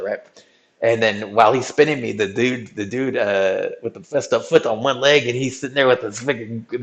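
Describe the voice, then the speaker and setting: A man streaming, telling a rambling, slang-filled story and asking "right?" again and again. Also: medium pitch. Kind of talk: casual storytelling recap.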